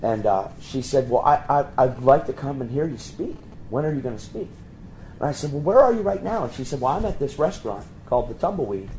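A man preaching, telling a story and acting out the voices of the people in it with sudden high jumps in pitch. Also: lively intonation, fairly quick, dark tone, a little hiss or hum, rough recording. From Pennsylvania. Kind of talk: storytelling sermon.

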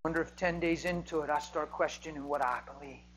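A male preacher delivering a sermon, swinging between loud, emphatic preaching and hushed whispers, with a faint hum behind him. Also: on the high side, fairly even intonation, brisk, low-quality recording. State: emotional.

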